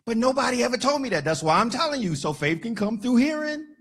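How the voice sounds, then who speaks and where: A pastor delivers a spirited church sermon in a high, bright, ringing voice with a breathy edge. He trades jokes with the congregation, slows down to drive points home, then erupts into shouts.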